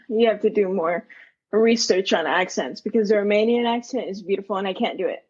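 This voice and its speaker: A woman's voice: mid-range voice, fairly quick, husky, muffled recording. A woman co-hosting a podcast in casual, playful banter that breaks often into giggles. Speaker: podcast co-host. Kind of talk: casual chat.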